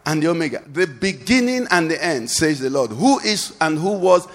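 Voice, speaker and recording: Male pastor, high voice, call-and-response sermon style, long church reverb. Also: sing-song, moderate pace. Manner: preaching with call-and-response questions, rising to shouts.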